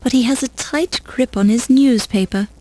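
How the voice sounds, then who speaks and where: A woman's voice: a little high, moderate pace, a little mellow, close to an everyday voice, poor audio. A woman narrating an adventure game with dry, wry scripted remarks.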